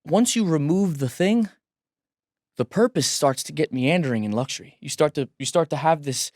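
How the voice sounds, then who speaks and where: A man's voice: on the high side, animated, moderate pace, a little mellow, dry recording. A man in his thirties from Long Island, a musician guest, talking candidly in a studio, emphatic and restless with many restarts. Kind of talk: casual candid conversation.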